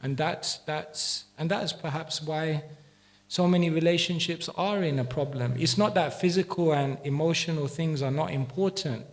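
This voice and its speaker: A man's voice: fairly high pitch, normal speed. Reflective man answering a class question. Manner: reflective, conversational, with restarts. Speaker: spiritual teacher. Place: temple hall.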